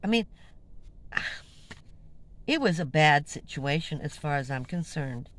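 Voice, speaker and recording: A woman who lives in a van talks to her viewers about something that happened to her. Her voice rises and falls in a lively way, and she sounds indignant and animated. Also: deep voice, slow, low-quality recording. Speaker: van-dwelling vlogger. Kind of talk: casual storytelling to camera.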